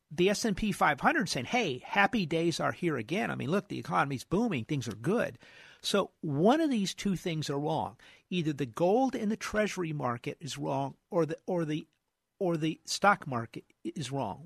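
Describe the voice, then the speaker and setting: Male radio finance host, gravelly and hoarse, slightly higher voice, quick stumbling delivery. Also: a bit bright, dry recording, clean studio sound. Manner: rapid, repeats words and restarts often. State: losing his voice. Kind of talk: radio market commentary.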